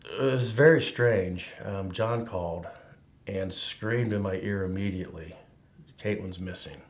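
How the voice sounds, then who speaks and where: A plain-spoken middle-aged man answers in a documentary interview. He talks slowly and leaves pauses. His voice is very deep. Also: a little hiss or hum.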